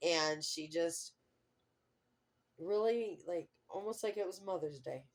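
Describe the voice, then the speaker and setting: A woman's voice: on the low side, slow pace. A middle-aged woman talking to her camera in a casual personal vlog, rambling and heartfelt, often trailing off mid-thought. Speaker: vlogger.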